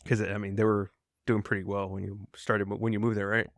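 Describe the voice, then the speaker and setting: A man hosting a casual podcast over a video call, chatty and quick to laugh. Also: lowish voice, level tone, no room sound, studio quality. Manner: chatty, laughs often, hums along and quotes lines. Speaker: podcast host. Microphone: video call mic.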